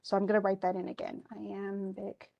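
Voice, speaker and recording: A woman's voice: medium pitch, little pitch movement, normal speed, darkish tone, highs cut off. A woman instructor giving an online class lecture over a computer mic, talking conversationally with many restarts and check-ins with the students. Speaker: college English instructor.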